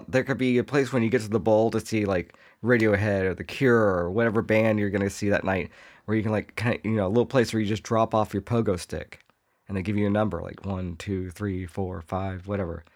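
Comedic man riffing on a podcast. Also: fairly low pitch. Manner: riffing, jokey, puts on quick voices for imagined people. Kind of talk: solo comedic monologue.

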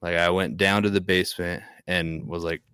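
A man's voice: low voice, steady tone, normal speed, sharp tone, smooth, dry recording, clean studio sound. A young man casually telling a ghost story on a podcast, rambling and restarting often. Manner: rambling, hesitant, many restarts. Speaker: podcast guest.

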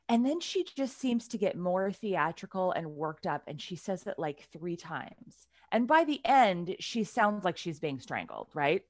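A woman on a podcast telling a story in a casual, animated way, with her voice swinging from loud to hushed. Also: medium pitch, takes it slowly, no echo, clean studio sound.

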